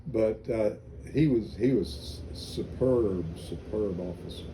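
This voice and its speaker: A man's voice: fairly low pitch, slow pace, background noise. An older man, a veteran, recalling his army days in an oral history interview, telling anecdotes with many restarts. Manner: rambling anecdotal storytelling with restarts.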